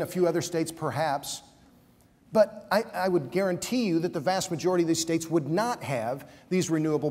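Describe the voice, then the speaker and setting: Man, high-ish voice, combative debate panelist, stumbles when heated; long hall reverb. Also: darkish tone. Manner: combative, emphatic, stammers when worked up. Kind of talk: conference debate argument. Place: conference hall.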